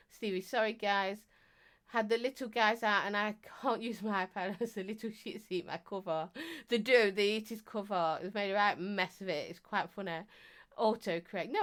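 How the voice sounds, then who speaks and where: A woman's voice: medium pitch, pushed and bright. Chatty woman streaming live. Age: middle-aged. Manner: chatty, teasing, bursts of laughter, non-stop talker. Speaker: vape reviewer and live streamer. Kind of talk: casual live-stream chat reading viewer comments.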